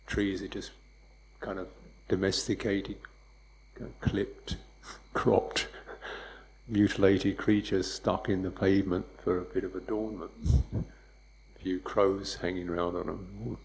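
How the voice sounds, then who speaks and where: A man teaching meditation in a loose, conversational dharma talk, wry and quick to laugh, checking in with "yeah?". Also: sits low, little pitch movement, darkish tone, poor audio. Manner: wry, laughs often, mimics hurried speech and beeps.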